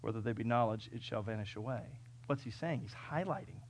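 A man's voice: mid-range voice, brisk, slight background noise. Impassioned male preacher from California. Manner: impassioned, swinging between loud peaks and quiet asides; conversational storytelling with fillers and restarts. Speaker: pastor. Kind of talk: sermon.

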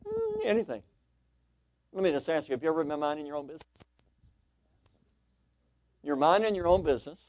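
A man preaching a sermon in church, swinging between loud emphatic lines and quiet, conversational asides. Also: on the high side, fast, long pauses, no room sound. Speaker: pastor. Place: church sanctuary.

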